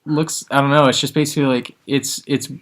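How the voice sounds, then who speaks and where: A man's voice: mid-range voice, flat delivery, brisk, a bit bright. A man co-hosting a casual podcast with friends, telling a story in a rambling way with many fillers. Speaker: podcast co-host. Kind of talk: casual chat among friends.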